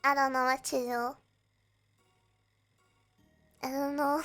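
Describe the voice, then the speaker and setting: Feverish high bright-voiced woman streamer. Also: level tone, slow pace, long pauses, faint music behind. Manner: fretful, rambling, laughs often. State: sick and feverish, voice strained. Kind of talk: casual livestream chat.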